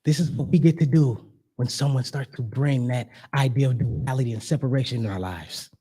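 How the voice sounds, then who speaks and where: A man's voice: mid-range voice, brisk, warm tone, breathy edge. A man performing spoken word as a guest speaker at a church service, rhythmic and emphatic, with casual slang. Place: church sanctuary.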